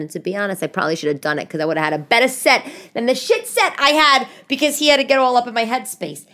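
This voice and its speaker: A woman hosting a podcast from her living room, a comedian telling stories in a rambling, animated monologue, restarting and swearing often. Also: a little high, quick pace, hardly any pauses. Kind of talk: casual comic monologue.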